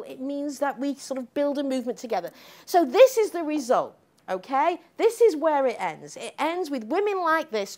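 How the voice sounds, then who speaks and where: An older woman from the US, a professor, gives a public lecture that's both emphatic and sardonic, regularly tagging her points with "okay?" and "right?". Her voice sits high.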